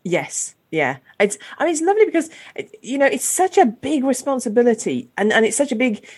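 A woman's voice: on the high side, very animated, fairly quick, a little mellow, breathy edge. A woman, hosting a casual chat and often ending her remarks with tag questions. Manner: chatty, asks tag questions.

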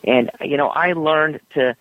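Man, author guest, phone-quality audio, animated, laughing storyteller, dry. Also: measured pace, no room sound. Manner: animated storyteller, laughs often, puts on high doggy voices. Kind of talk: interview over the phone. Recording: tinny phone line.

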